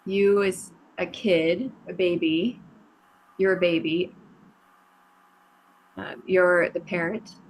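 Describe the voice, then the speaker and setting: Husky, very slow player hinting at charades answers on a video call. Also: medium pitch, steady tone, poor audio. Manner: slow, hesitant guessing and hinting. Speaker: guest player. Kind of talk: acting out charades clues.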